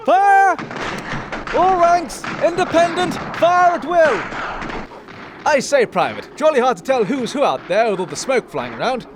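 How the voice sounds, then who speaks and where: A pompous, blustering upper-class British army officer, played by a man, with a clipped, posh English accent. His voice sits very high and swings about with lively pitch. Faint outdoor noise hums behind him. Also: a little fast, few pauses. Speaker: comedy sketch actor. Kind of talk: comedy sketch acting.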